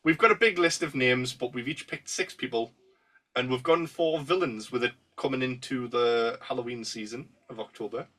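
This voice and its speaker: A man's voice: mid-range voice, normal speed, fairly bright tone, recorded from a distance. A man hosting a casual fan podcast, steering the talk and laughing easily. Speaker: podcast host.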